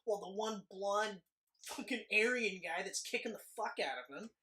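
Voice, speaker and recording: A man's voice: high voice, moderate pace, bright, forceful tone. A man in his thirties, co-hosting a casual movie podcast, who rambles, swears freely and fills his talk with "like.". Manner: rambling, profane, lots of "like". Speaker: podcast co-host.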